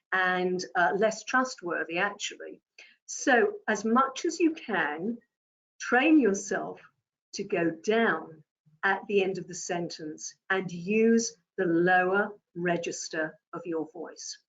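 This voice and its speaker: A woman giving a presentation-skills lesson, speaking deliberately and repeating her key points. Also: medium pitch, muffled recording. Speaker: communication trainer. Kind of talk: presentation skills coaching talk.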